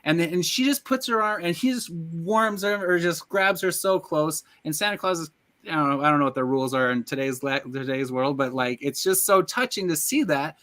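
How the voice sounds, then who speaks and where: A man's voice: on the high side, brisk, pushed and bright. A man co-hosting a podcast, eagerly and loosely retelling scenes from a film in casual chat. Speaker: podcast co-host.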